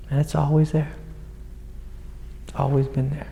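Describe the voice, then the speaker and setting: A man with a gravelly, mellow voice guides a student as a spiritual teacher. He speaks gently and soothingly, with a long reverb from the hall around him. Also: medium pitch, flat delivery, normal speed, long pauses, slight background noise. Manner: gentle, soothing, calls the listener sweetie. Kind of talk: satsang guidance to a student.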